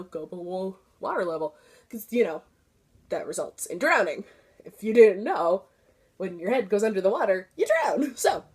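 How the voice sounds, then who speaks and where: A young woman vlogger telling a story casually, animated and swearing freely, her voice climbing high when she gets excited. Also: breathy edge.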